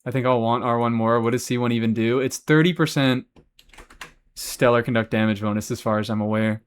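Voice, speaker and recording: A man's voice: medium pitch, fairly even intonation, fairly quick, clean tone. A man live-streaming a game, chatting casually and answering chat, swearing freely as he talks. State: has hiccups.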